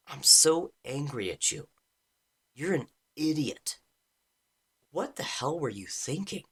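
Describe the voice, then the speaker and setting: Bright-toned man with a gravelly edge. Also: lowish voice. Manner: earnest, reads his own letter aloud with feeling. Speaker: relationship coach. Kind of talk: personal story and coaching talk.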